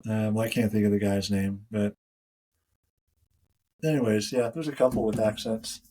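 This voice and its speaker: A man's voice: on the low side, steady tone, normal speed, mellow, husky, poor audio. A man co-hosting a running podcast in casual chat, jokey and easily sidetracked, often trailing off mid-sentence. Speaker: podcast co-host.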